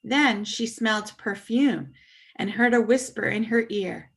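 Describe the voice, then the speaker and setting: A woman reading a children's story aloud with puppets, expressive and animated. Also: fairly high pitch, a little slow, vocal fry, husky.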